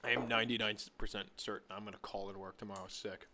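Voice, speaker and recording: Fast-talking young man in casual chat. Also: fairly low pitch, fairly even intonation, noisy background. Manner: rambling, jokey storyteller. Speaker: podcast co-host.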